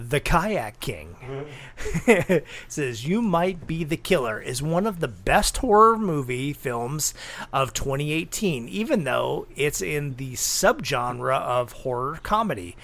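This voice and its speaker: A man's voice: fairly high pitch, gravelly, fairly bright tone. A man co-hosting a movie podcast, chiming in with short agreements and reading a review aloud. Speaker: podcast co-host.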